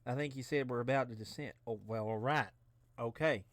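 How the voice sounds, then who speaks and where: A man's voice: mid-range voice, fairly quick, fairly bright tone, no echo. A tipsy man gives a rambling, profane and jokey let's play commentary. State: tipsy from drinking.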